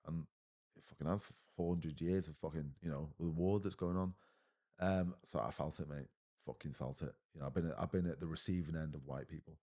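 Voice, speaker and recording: A man's voice: a bass voice, steady tone, a little fast, mellow. A man in his thirties with an English accent, talking bluntly as a podcast guest, swearing often and saying mate a lot. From England. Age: 30s. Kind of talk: casual conversation.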